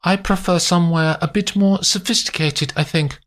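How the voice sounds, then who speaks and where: A man reading a story aloud, voicing a calm, clinical female agent in a measured, unemotional way. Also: sits high, pitched above the performer's own voice.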